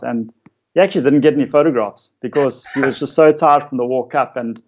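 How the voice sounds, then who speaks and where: A man, a photographer casually telling stories about his shoots in a relaxed way, with lots of fillers. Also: medium pitch, fairly quick, muffled recording, slight background noise. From South Africa. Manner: relaxed storytelling with many fillers. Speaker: interviewed photographer. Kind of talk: casual conversation.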